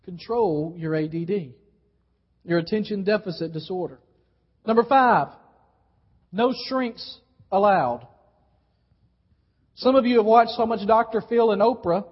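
A high-pitched man preaching to a congregation, hammering his points with repetition and calling for responses. His voice rings with a long church reverb. The live recording sounds dull and muffled. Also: unhurried, pauses often, slightly rough. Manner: emphatic, repeats key phrases, coaches the congregation to respond. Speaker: pastor. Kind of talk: sermon. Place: church sanctuary.

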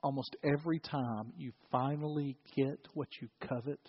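A man preaching a sermon, telling a story with animated delivery and acting out the characters. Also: mid-range voice, moderate pace, breathy edge, big-room sound, dull audio. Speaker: pastor.

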